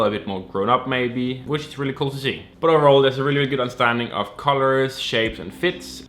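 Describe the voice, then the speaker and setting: A man's voice: fairly low pitch, a bit bright, echoey room, a little hiss or hum. A man in casual chat about fashion, rambling and repeating his words, now and then swearing offhand. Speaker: fashion YouTuber.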